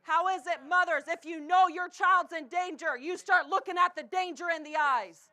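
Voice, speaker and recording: A woman with a Canadian accent preaching a sermon in a church, swinging between impassioned shouting and a hushed, low delivery. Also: moderate pace. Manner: impassioned preaching, often shouting, then dropping to a hush. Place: church sanctuary.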